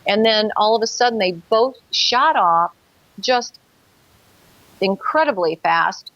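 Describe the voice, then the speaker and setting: A woman's voice: mid-range voice, expressive, slow, fairly bright tone, dry recording, highs cut off. A woman guest in a talk show interview, telling a personal story earnestly and vividly, with hesitant fillers.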